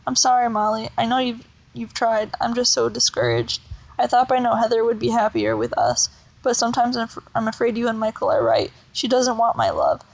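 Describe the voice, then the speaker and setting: A woman voicing a tired, sad mother who speaks softly and pleads. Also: on the high side, big pitch swings, brisk, muffled recording. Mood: soft pleading. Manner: soft, pleading.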